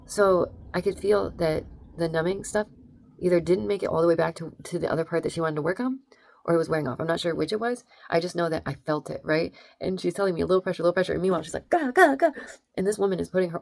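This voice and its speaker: Fast-talking woman with a gravelly voice. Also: on the low side, a little mellow, no echo. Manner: rambling, emphatic, lots of "like" and "right?". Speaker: vlogger. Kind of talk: casual storytelling vlog.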